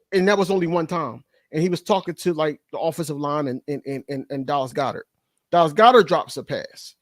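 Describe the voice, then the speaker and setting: A man in casual sports talk, excitable, retelling how he reacted while watching. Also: high voice, dry recording, clean studio sound. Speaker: co-host.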